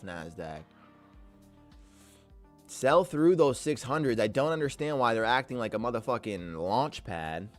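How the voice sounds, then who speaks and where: A man streaming live trades, talking to the market, reading chat aloud and swinging between loud cursing outbursts and low muttering.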